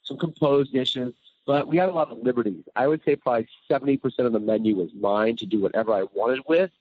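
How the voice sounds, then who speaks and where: A man talking casually as a guest chef, telling stories in a lively way and acting out quotes. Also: medium pitch, fast, husky, dry recording, phone-quality sound. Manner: animated storyteller, acts out quotes. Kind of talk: casual chat.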